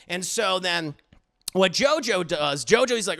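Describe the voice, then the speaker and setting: Young male reviewer, high gravelly voice, bright, swears and stammers through recaps. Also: unhurried. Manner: animated, profane, stammering. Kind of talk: casual episode recap.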